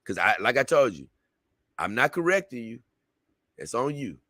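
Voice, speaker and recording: The host closes out his livestream with a casual, meandering sign-off, calling the audience "man" and "baby." He has a mid-range, sing-song voice with a sharp tone and a moderate pace, on a dry, clean studio recording.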